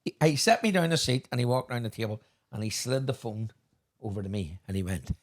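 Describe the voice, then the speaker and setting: A man with a Northern Irish accent telling swearing, animated stories in a casual podcast chat. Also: mid-range voice, a little fast. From Northern Ireland. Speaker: podcast host.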